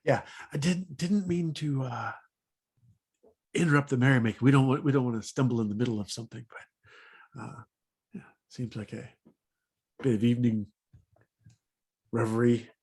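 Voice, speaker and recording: A man's voice: medium pitch, normal speed, pauses often, a little mellow, breathy edge. A man playing a tabletop role-playing game, speaking partly in character, laid-back and amused. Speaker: player.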